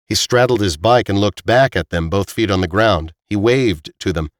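A male audiobook narrator with a very deep, low voice, reading in an even, measured way. The recording is close-miked and completely dry, with no room sound. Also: dry recording.

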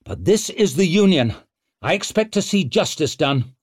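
Man voicing young noble commander, haughty, indignant, raised pitch, husky. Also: big pitch swings, slow, dark tone, no room sound, studio quality, exaggerated voice.

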